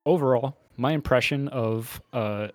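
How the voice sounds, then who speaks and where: A man's voice: mid-range voice, a little slow, dry recording, clean studio sound. Laid-back rambling podcast host, a man. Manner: rambling, laid-back, hesitant with many fillers. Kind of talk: casual chat.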